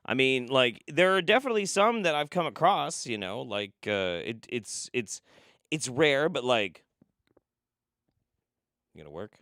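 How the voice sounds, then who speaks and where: A man's voice: medium pitch, lively intonation, normal speed, fairly bright tone, no echo, clean studio sound. A man hosting a live stream, reacting to videos with sarcastic, rambling, profane commentary. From United States.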